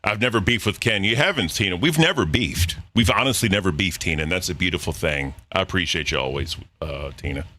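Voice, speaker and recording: A man's voice: sits low, animated, fairly quick, hardly any pauses, sharp tone. A man co-hosting a live stream, giving orders and hyping things up in profane banter. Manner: hyping, bossy directing. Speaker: streamer co-host. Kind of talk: casual group stream chat.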